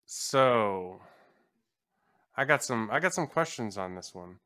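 A man's voice: lowish voice, lively intonation, takes it slowly, pushed and bright. A man co-hosting a podcast, chatting casually and joking as he rambles through a reality show. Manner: joking, rambling, slips into mock voices. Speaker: podcast co-host. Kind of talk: casual comedic chat.

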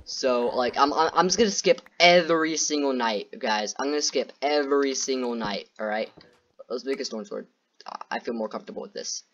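A man's voice: medium pitch, a little fast, fairly bright tone, muffled recording. A man doing gameplay commentary who rambles nervously, repeats himself and keeps talking to his viewers. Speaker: gaming YouTuber.

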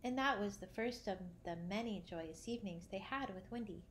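A woman narrating a children's classic, reading gently and lifting her voice for the characters' lines. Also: medium pitch, normal speed, a little hiss or hum. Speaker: audiobook narrator. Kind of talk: storybook reading.

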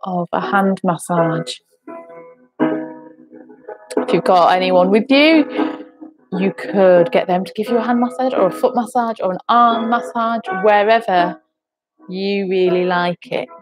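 A woman leading a gentle sensory music session at home, soothing and encouraging with frequent ums. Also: medium pitch, a little slow, long pauses.

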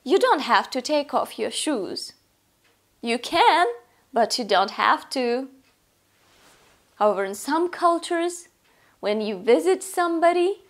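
A woman explains English grammar in a slow, deliberate, carefully paced delivery. Her voice sits a little high, and she lays out each example patiently for learners. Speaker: English teacher.

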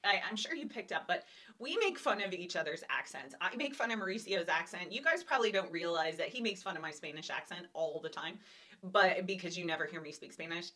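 A woman's voice: fairly low pitch, sharp tone. A woman vlogger telling a funny story to the camera in a chatty, laughing way. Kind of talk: casual chat to camera.

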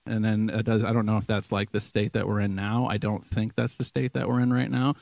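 A man speaks at church in a low, gravelly voice with a flat, even melody. He is earnest and conversational, full of pauses and restarts, and the sound is dry and close. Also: no room sound. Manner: halting and conversational, many ums and restarts. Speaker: church member sharing a vision. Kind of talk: informal sermon testimony.

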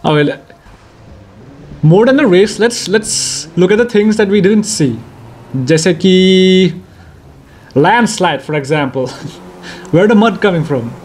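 Excitable high-voiced Indian man. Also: measured pace, long pauses, breathy edge. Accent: Indian English. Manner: excitable, playful, jokey, bursts of shouting. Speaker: gaming YouTuber. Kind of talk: let's-play racing commentary.

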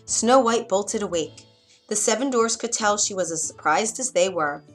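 A woman narrating a fairy tale for children, expressive with dramatic pauses. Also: medium pitch, faint music behind. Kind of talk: scripted storybook narration.

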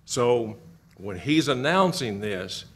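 Middle-aged guy running a church bible class, quizzes the room, repeats answers back with punch, pitch kinda middle. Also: slow, slightly rough. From Kentucky. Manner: asks the class questions and repeats answers, animated emphasis.

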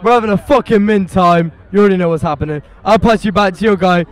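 A man at a rave talking excitedly and loudly, swearing. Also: sits high, fast. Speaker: rave goer. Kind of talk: casual chat.

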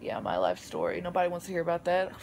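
A woman talks to her phone from her bed in a loose, chatty vlog voice. Her pitch swings widely as she breaks into playful shouts and loud exclamations. A faint hum of room noise sits behind her. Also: big pitch swings, fast. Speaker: vlogger. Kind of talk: casual chat to camera. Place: lying in bed at home.

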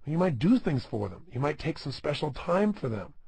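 Gravelly, animated motivational speaker man. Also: fairly high pitch, normal speed, no echo. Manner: emphatic, asks the listener rhetorical questions. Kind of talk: self-help audio program talk.

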